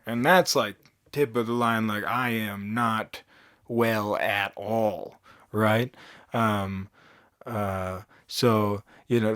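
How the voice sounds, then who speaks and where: A man with a lowish voice tells a casual story, rambling and poking fun at himself as he acts out what others said. The sound is dry and close, with no room around him. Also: dry recording. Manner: rambling, self-mocking, acts out quotes. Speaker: storytelling vlogger.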